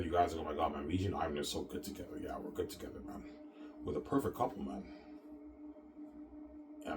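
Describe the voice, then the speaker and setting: A man from Canada talking in a rambling, repetitive monologue, often trailing off with drawn-out filler words. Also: sits low. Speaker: vlogger.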